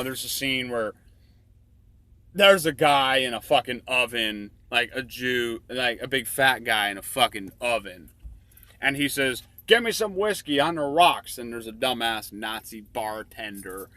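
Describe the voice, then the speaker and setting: A man's voice: mid-range voice, unhurried, pushed and bright, no echo. A man presenting his own illustrated story in crude, rambling comic commentary, swearing constantly. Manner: rambling and profane, many fillers.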